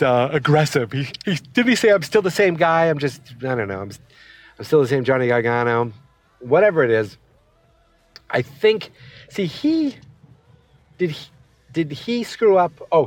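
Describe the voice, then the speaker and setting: A man's voice: medium pitch, no room sound. Chatty man rambling while driving. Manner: rambling, tangent-prone, chatty. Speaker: wrestling vlogger. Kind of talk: casual monologue while driving. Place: inside a moving car.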